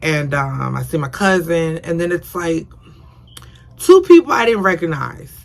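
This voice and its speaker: A woman's voice: sits low, animated, a little slow, creaky. A young woman casually telling a personal story on her vlog, rambling and repeating herself, earnest and emotional. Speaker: vlogger.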